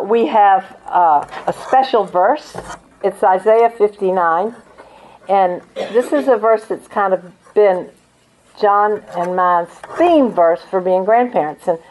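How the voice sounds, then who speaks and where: An older woman giving an earnest, measured Christian teaching talk, reading scripture passages aloud. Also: medium pitch, a little mellow, low-quality recording. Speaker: Christian speaker.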